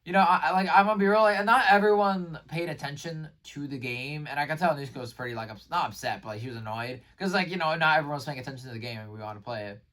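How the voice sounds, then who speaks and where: Rambling guy, slightly high voice, off-mic. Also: fast talker, few pauses, distant mic. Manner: rambling, filler-heavy, says "like" and "bro" constantly; excitable, restarts sentences often. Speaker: vlogger. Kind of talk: casual daily vlog recap.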